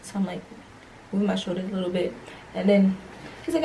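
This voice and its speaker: Animated young woman telling a story. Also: mid-range voice, fast, recorded from a distance, heavy background noise. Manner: animated, acts out dialogue, slangy. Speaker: vlogger. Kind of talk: casual storytime.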